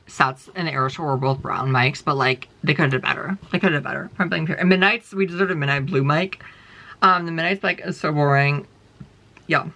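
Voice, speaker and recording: A man's voice: a little high, pushed and bright. A man vlogging a casual rant to his viewers, rambling and profane, with constant fillers and emphatic jabs.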